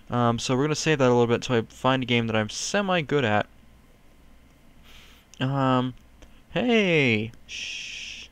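A man chatting casually as he plays and comments on a video game, rambling and self-mocking, with sudden excited yelps. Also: mid-range voice, clean tone, no room sound. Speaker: gaming YouTuber.

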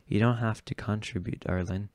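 A man's voice: on the low side, steady tone, moderate pace, darkish tone, no echo, close to an everyday voice. A man voicing a sassy drag queen. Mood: fond. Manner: calls everyone darling, theatrical. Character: sassy adult drag queen, fussing and teasing.

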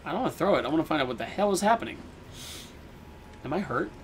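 A man's voice: fairly high pitch, very animated, fast, a little hiss or hum. Jumpy, swearing man gaming. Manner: jumpy, swears a lot, yells when startled; rambling confused muttering. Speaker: let's play gamer. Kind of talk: horror game commentary.

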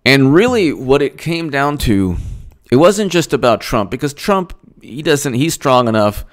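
A man delivers solo political commentary in a mid-pitched voice. He rants with sarcasm, swinging between loud mockery and low, weary asides. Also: a little slow. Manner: animated, sarcastic, ranting with mocking impressions.

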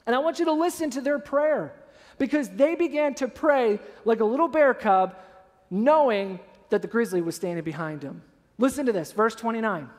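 A man, a pastor, preaching a sermon with animated storytelling, acting out scenes. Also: very high-pitched, moderate pace, big-room sound. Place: church sanctuary.

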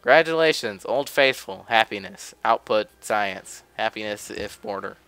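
A man's voice: lowish voice, animated, moderate pace, a bit bright, clean tone, no echo. Offhand young man commenting on gameplay. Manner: offhand, chatty, grumbling. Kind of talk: casual let's play commentary. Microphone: desk mic.

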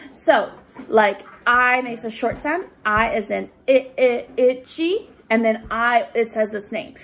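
A woman tutoring young readers, explaining reading rules patiently with many pauses and fillers. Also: fairly high pitch, slight background noise. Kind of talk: recorded lesson for students.

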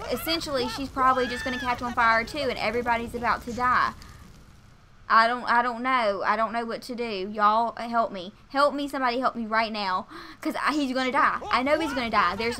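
A woman's voice: fairly high pitch, sharp tone, a little hiss or hum. A young woman, commentating a life-sim game, stammering in panic and talking straight to her viewers. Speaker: gaming video host. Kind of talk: let's play commentary.

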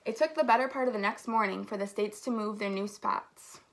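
A woman from an elementary school staff reading a picture book aloud to children, with a lively storytelling manner. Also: mid-range voice, brisk, a little hiss or hum.

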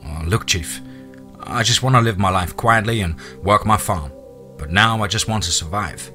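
Man playing a blunt ex-military farmer, practical, lowish bright voice, faint music behind. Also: a little fast. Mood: frustrated.

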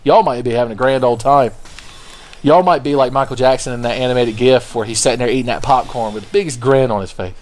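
A man's voice: mid-range voice, fast, darkish tone. A man giving casual, profane, sarcastic commentary while playing a video game. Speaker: gameplay commentator. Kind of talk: casual let's-play commentary.

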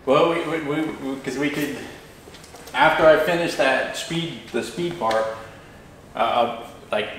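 A man's voice: medium pitch, a little slow, a bit bright, recorded from a distance. A man in a casual planning chat, giving short agreeing replies. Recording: very echoey room, faint noise.

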